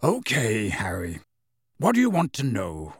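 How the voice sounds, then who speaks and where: A man reads a grave, knowing godfather in an audiobook, dropping below his own voice. The delivery is measured and the sound dry. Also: fairly low pitch, wildly swooping pitch, slightly rough, no room sound, heavily acted. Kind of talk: audiobook character voice.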